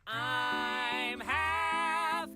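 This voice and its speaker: A woman voicing a young cartoon circus character, singing a slow, drawn-out duet. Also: high-pitched, sharp tone, faint music behind, full character voice. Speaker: animated character.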